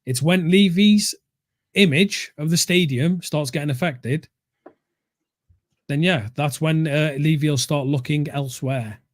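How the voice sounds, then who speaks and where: A blunt, opinionated man chatting about football on a fan show. His voice sits a little high, and the sound is close and dry with no room echo. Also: unhurried. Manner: blunt, opinionated, says mate a lot. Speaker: co-host of a fan talk show. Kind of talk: casual football chat.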